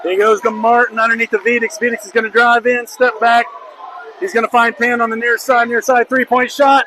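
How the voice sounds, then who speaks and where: A man calling a high school basketball game play-by-play, excitable and openly rooting for the home team. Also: a little fast. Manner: excitable, openly biased toward the home team, shouts on big plays. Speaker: play-by-play commentator. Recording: noisy gym crowd behind. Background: crowd noise.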